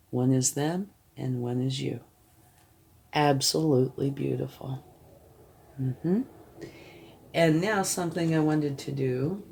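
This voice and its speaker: Tarot reader, slow unhurried delivery, gravelly fry, reassuring check-ins. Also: medium pitch. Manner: reassuring, often checking in with "okay?"; thinks aloud while turning cards. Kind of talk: tarot card reading addressed to the viewer.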